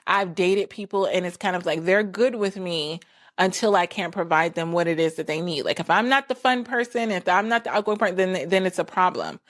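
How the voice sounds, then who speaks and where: A woman's voice: on the low side, a little fast. Chatty woman, filler-heavy casual talk. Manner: chatty, frequent "like" fillers, acts out quoted people. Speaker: podcast host.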